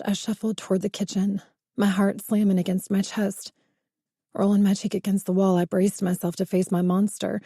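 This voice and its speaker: A woman's voice: medium pitch, dark tone, husky, no echo, studio quality. A woman giving a first-person scripted audiobook narration with tense, suspenseful storytelling.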